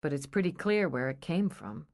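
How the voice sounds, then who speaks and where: A woman's voice: low voice, animated, moderate pace, a little mellow, voice pushed down. A woman voicing a blunt, sardonic young woman.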